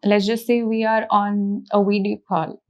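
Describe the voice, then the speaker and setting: A woman teaching a beginner language lesson, explaining slowly and patiently and repeating each example. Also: medium pitch, little pitch movement, rough recording.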